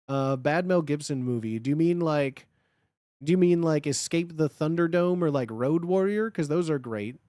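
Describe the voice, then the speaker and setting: A man's voice: fairly high pitch, dark tone, no echo, studio quality. A man chatting casually as a guest on a livestream, rambling and full of filler words. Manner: rambling, with lots of filler words, and quick laughs. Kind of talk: casual chat.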